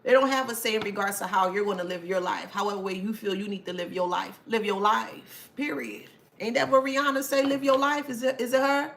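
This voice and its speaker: A woman's voice: mid-range voice, steady tone, fairly quick, gravelly, fairly bright tone. A woman hosting a casual talk to camera, sassy, laughing often and swearing freely. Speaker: channel host.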